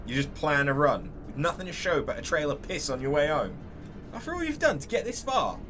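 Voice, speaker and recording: A man's voice: fairly high pitch, sing-song, fairly quick. A man voicing a blunt male blacksmith who scolds coarsely and swears freely, over game music. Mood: scolding. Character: gruff blunt male blacksmith, foul-mouthed.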